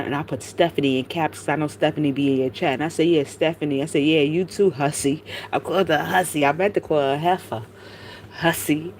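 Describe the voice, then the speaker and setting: A woman's voice: sits low, a little hiss or hum. Profane rambling woman ranting to her chat. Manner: profane, animated, rambling storytelling. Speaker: commentary streamer. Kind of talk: casual rant to a live chat.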